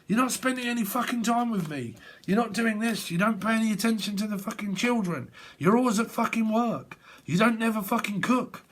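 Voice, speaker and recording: A man's voice: a little fast, few pauses. A man mimicking a nagging, scolding girlfriend. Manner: shrill scolding rant. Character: nagging complaining woman partner.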